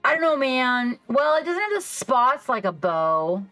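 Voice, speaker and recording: Rambling, excitable woman streamer. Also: high voice, unhurried, low-quality recording. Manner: rambling, excitable, reacts to chat. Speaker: livestream host. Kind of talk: casual livestream chat. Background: faint background music.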